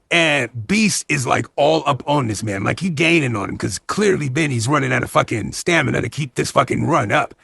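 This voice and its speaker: A man's voice: medium pitch, gravelly, fairly bright tone, slightly rough, dry recording, studio quality. A man retelling a movie plot as comedy, swearing constantly in loose slang and acting out the characters' lines. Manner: heavy swearing, slangy retelling with acted-out quotes. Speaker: movie recap host. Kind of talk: profane comedic movie recap.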